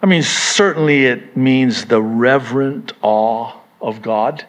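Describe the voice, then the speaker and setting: A male pastor delivering a sermon at an unhurried pace. He builds to emphatic, rising bursts and slips in wry humor. His pitch sits in the middle range for a man.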